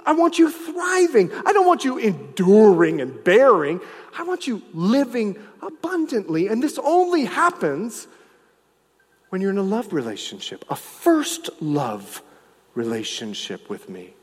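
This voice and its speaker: A male pastor preaching a sermon, swinging from loud, emphatic lines to hushed, low ones. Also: huge pitch swings, measured pace, breathy edge, long reverb tail.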